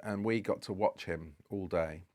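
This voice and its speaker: A man from Britain, guesting on a podcast, spins a long, rambling anecdote in casual chat and acts out the dialogue. His voice is deep and a little mellow, and he speaks at a moderate pace.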